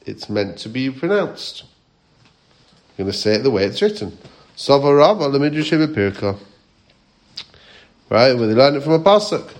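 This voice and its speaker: A rabbi giving a Torah class, asking his listeners questions and quoting Hebrew and Aramaic texts. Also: medium pitch.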